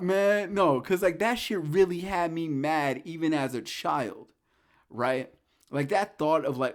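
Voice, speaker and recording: A man hosting a solo podcast, telling horror film scenes in an animated, profane way, swinging from hushed storytelling to loud incredulous rants. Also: fairly high pitch, takes it slowly. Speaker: podcast host. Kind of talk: casual solo talk about horror films.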